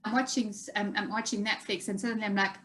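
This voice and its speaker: Brief: woman guest, chatty storyteller, mid-pitched, laughs easily. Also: steady tone, fast, a bit bright. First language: French. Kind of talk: casual conversation.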